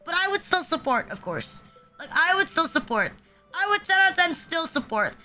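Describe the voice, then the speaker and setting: A woman's voice: extremely high pitch, sing-song, moderate pace, pushed and bright, faint music behind. A young woman streaming, joking crudely and rambling with lots of fillers. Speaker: VTuber streamer. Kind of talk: casual livestream chat.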